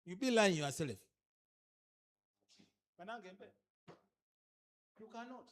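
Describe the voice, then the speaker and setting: A man's voice: high voice, lively intonation, slow. A man with a Ugandan accent giving a training lecture to cultural leaders, emphatic and pressing them with repeated rhetorical questions, switching between English and a local language. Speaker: speaker at a cultural leaders' orientation.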